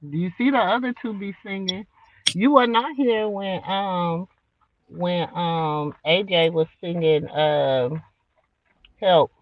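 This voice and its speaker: An older grandmother co-hosting a casual chat, talking in a laid-back way and trailing off softly. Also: on the low side, takes it slowly, no room sound, lo-fi sound. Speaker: co-host.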